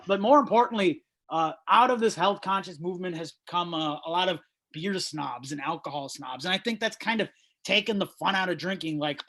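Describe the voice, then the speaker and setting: High, bright, shouting comedian man. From Chicago suburbs, USA. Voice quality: crusty, shouty voice. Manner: loud, animated ranting with sudden drops to mumbling asides. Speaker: stand-up comedian. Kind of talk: stand-up set over video call. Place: childhood bedroom. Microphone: laptop mic.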